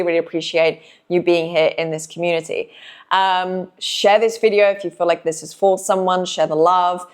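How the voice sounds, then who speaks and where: A woman giving a spiritual message to her viewers in an earnest, reflective manner, slowing down and drawing out phrases. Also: fairly low pitch. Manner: soft, earnest, reflective, with slow drawn-out phrases. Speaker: intuitive reader and channel host.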